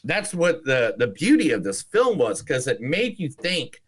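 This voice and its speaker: A man co-hosting a movie podcast, chatting casually in a lively, profane way with frequent restarts. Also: medium pitch, measured pace, slightly rough. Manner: animated, profane, lots of restarts and laughter. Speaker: podcast co-host. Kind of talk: casual movie review chat.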